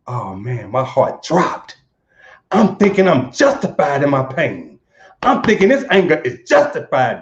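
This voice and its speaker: A man from Saint Louis tells a personal story in an earnest, halting way, often doubling words as he speaks. His voice sits a little high for a man. The recording is dull and lo-fi, with a roomy echo around him. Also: huge pitch swings. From Saint Louis, USA. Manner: earnest, stammers on repeated words.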